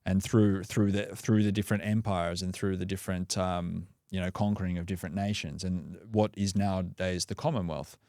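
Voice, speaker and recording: Rambling Australian man, low voice. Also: steady tone, a little fast, hardly any pauses, mellow, dry recording, studio quality. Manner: rambling, loose, many restarts and fillers. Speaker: podcast guest, breathwork coach. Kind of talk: casual conversational interview.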